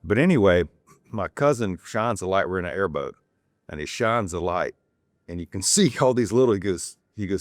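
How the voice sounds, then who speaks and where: A man's voice: low-pitched, expressive, moderate pace, dry recording, clean studio sound. A man from North Carolina, a podcast guest, telling casual, digressive anecdotes full of restarts. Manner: acts out quoted people in a raised voice. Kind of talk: casual storytelling.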